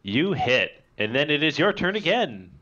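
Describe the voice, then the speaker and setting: A man running a tabletop game as game master, narrating and ruling in a halting way with many restarts. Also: on the high side, sing-song, sharp tone. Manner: halting, full of restarts and fillers. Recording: dull lo-fi voice chat audio.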